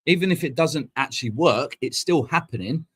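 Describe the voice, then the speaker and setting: A man, hosting a fan live stream and ranting in a heated, sweary, rapid-fire way. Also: fairly high pitch, lively intonation, slightly rough. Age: 40s. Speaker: fan channel host. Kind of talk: casual live-stream rant. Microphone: streaming mic.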